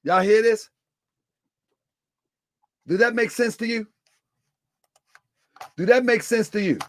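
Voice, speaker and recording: Loud high-pitched man teasing on stream. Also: slow, pauses often. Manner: loud, laughing, teasing, repeats himself. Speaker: livestream host. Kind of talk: live stream commentary.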